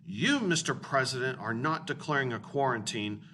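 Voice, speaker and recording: A man voicing a stern older Soviet premier in a put-on Russian accent, gruff and deliberately masculine, read aloud from a letter. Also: mid-range voice, expressive, natural voice. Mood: indignant. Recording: distant mic with room noise.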